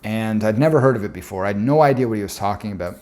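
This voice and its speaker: A man giving a presentation, telling a personal story in an earnest, reflective way with frequent filler pauses. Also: lowish voice, a little mellow.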